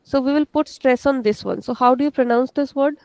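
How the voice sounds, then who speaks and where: A woman teaching a language class, slowly repeating words and patiently checking her students' pronunciation. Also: sits high, darkish tone, rough recording.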